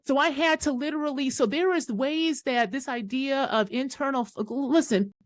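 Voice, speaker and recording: Animated, profane woman podcast host. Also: high-pitched, moderate pace, no room sound. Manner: animated, profane, emphatic storyteller. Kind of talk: casual conversational storytelling.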